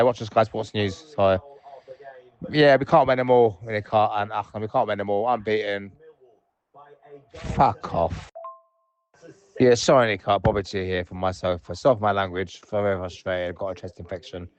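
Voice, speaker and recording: A man's voice: on the low side, moderate pace. A man leaving angry, rambling, swearing voicemail messages from his sofa at home. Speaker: voicemail caller. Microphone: phone voicemail.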